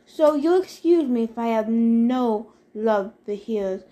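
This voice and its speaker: A woman's voice: on the high side, animated, a little slow, mellow. A woman voicing a disdainful, exasperated male god who looks down on heroes, in a storybook reading. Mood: cold. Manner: sneering, disdainful. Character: sneering, bored male wine god, camp director.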